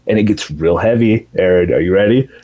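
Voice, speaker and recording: Low, dark-voiced man telling a story. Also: a little fast, highs cut off. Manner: animated storytelling with profanity, acting out characters in raised voices. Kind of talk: casual chat retelling a TV finale.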